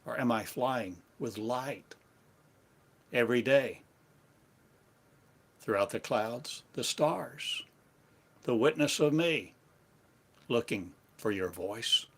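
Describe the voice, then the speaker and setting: A man giving a slow, meditative sermon in halting, repetitive phrases, like an incantation. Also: mid-range voice, fairly bright tone, breathy edge. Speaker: spiritual teacher.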